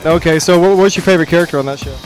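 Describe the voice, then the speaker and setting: A man's voice: fairly high pitch, rapid-fire, faint music behind. A man roaming a ship asking people questions, jokey and playful, teasing the crew. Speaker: shipboard interviewer. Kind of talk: roving vox-pop interviews.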